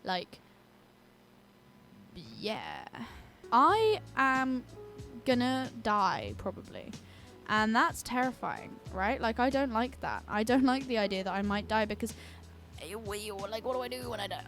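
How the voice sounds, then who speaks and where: A woman's voice: medium pitch, expressive, moderate pace, a bit bright, faint music behind. A young British woman chatting casually and rambling as she commentates her own gameplay, with giggles and cut-off swears. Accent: British English. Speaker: gaming YouTuber. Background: her own song playing faintly.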